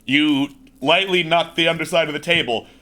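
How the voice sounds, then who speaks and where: A man narrates a tabletop game as its game master. His voice sits high and sounds bright and sharp. He keeps a playful, joking tone. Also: moderate pace.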